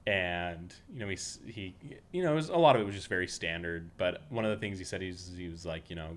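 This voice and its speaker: A man from Utah with a low voice talks fast with few pauses as he hosts a casual podcast. He rambles through meandering anecdotes, restarting often.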